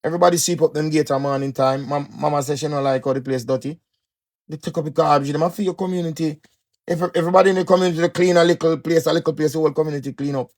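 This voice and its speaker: Male speaker, Jamaican Patois, gravelly voice, preachy motivational monologue, emphatic and repetitive. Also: fairly high pitch, fairly even intonation, racing. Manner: emphatic, repetitive, swings loud and soft.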